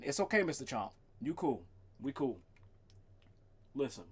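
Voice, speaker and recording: Animated, profane male streamer. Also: medium pitch, a little slow, husky. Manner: animated, profane, talks to his cat. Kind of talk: casual livestream rant.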